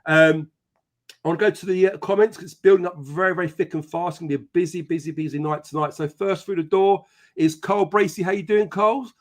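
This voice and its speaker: A man's voice: sits high, fast. Chatty man hosting a live show. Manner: chatty and profane, greeting viewers by name. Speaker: podcast host. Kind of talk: casual live-stream chat.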